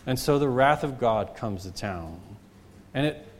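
A man preaching a sermon as pastor, stressing points by repeating phrases and swinging between loud and soft. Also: mid-range voice, animated, unhurried. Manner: preaching with wide swings in loudness and pace.

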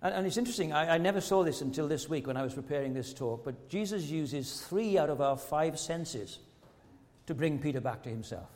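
An earnest male preacher delivering a sermon in a fairly high voice, leaning on rhetorical questions and stumbling over repeated words. His voice carries a long reverb from a big church hall. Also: lively intonation, brisk, a little mellow.

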